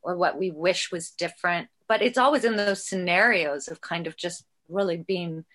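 Low-voiced woman musing aloud. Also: a bit bright. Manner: musing, thoughtful, halting restarts. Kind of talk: casual conversation.

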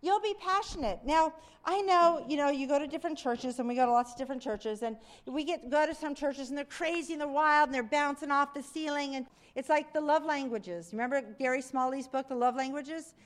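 A middle-aged woman preaching in a conversational, animated way, with sudden excited exclamations. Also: high voice, fairly quick, few pauses. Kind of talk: sermon.

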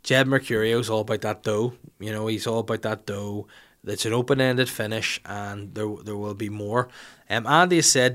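Cheeky, sweary podcast host. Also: male voice, mid-range voice, moderate pace, a bit bright. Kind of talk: casual chat.

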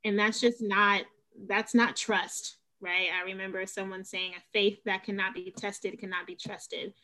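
A woman who is a guest on a casual faith podcast, telling animated stories full of "like" and "you know". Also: medium pitch, a little slow, poor audio. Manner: animated storytelling, many fillers.

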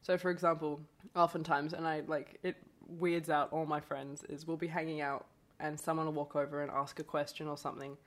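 A woman's voice: sits low, little pitch movement, fairly quick, few pauses. A woman from Brazil whose first language is Portuguese, a guest chatting casually on a podcast and laughing often.

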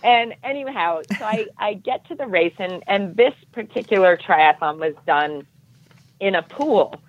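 A woman guest telling a self-deprecating story in casual talk, animated and acting out the voices of others. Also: mid-range voice, a little slow, no echo. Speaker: podcast guest. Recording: muffled dull audio.

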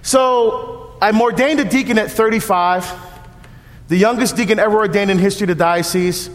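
A man's voice: high-pitched, moderate pace. A man in his fifties, a deacon, giving a humorous, story-driven parish mission talk in a church. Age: 50s. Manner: lively storytelling, humorous, acts out dialogue. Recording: long church reverb.

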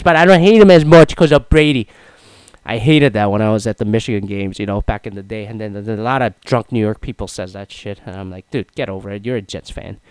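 Rambling young man, smooth dry voice. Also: mid-range voice, no room sound, poor audio. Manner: rambling, filler-heavy, opinionated. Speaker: sports commentator. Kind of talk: casual monologue.

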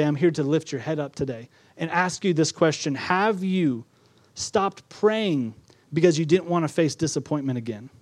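A male pastor delivering a sermon, repeating phrases, building emphasis and then dropping to a quiet, close voice. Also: a little high, dry recording. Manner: preaching with repetition, rising to emphatic then dropping soft.

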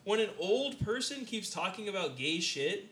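A man's voice: high voice, moderate pace, a little hiss or hum. A young man telling a rambling story in casual chat and acting out what people said. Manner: rambling, animated, acts out quotes. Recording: echoey room.

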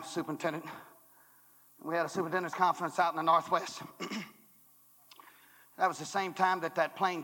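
A man preaching a fiery revival sermon, booming and shouting at the climaxes, then dropping to hushed asides, recorded in a hall at a 1980s college revival. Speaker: former church superintendent. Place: college chapel revival service.

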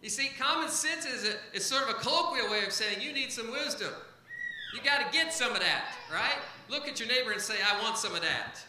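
Bright-voiced man preaching a sermon. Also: very high voice, lively intonation, fairly quick, echoey room, slight background noise, rough recording. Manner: emphatic, repeats key phrases. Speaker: pastor.

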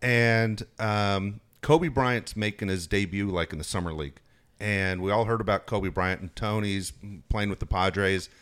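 Middle-aged guy telling stories, swears a lot, does everyone's lines, lowish voice. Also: measured pace, clean tone. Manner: profane, animated, acts out quotes. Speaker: sports reporter guest. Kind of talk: casual storytelling chat.

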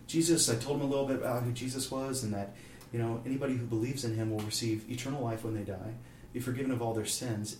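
A man from Kansas City telling a faith story in a casual interview, lively and acting out the people he quotes. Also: mid-range voice. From Kansas City, USA. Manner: animated storyteller, acts out quoted voices. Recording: roomy, distant mic, faint room noise.

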